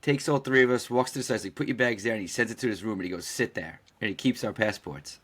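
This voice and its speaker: Low-voiced man spinning an animated story. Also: fast. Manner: animated storyteller who acts out quoted dialogue and swears freely. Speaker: podcast co-host. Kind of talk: casual storytelling chat.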